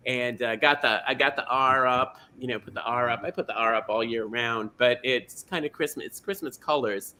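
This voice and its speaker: A man's voice: mid-range voice, normal speed, hardly any pauses, sharp tone, slight background noise, natural voice. A man playing a chatty middle-aged small-town lady who hosts a comedy bingo show, gushing and rambling, tripping over names, on a video call. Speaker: host. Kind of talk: comedic drag character hosting.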